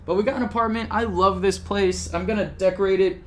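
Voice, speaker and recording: Young guy rambling on his vlog at home, kinda higher voice, keeps interrupting himself and cracking jokes. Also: fairly even intonation, a little fast. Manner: rambling, self-interrupting, jokey. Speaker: YouTuber. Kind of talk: casual vlog recap. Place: home apartment. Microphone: camcorder.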